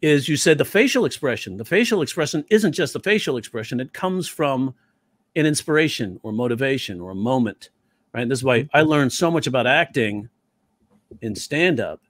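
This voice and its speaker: Animated male comedy teacher, dry sound. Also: medium pitch, a little fast, dry recording. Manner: animated, acts out quoted voices. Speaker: comedy teacher and stand-up comic. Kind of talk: storytelling interview talk.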